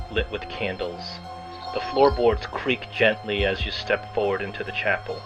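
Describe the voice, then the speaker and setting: Man narrating a tabletop game. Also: lowish voice. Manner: descriptive, frequent "uh" fillers. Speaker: game master. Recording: lo-fi recording with faint music.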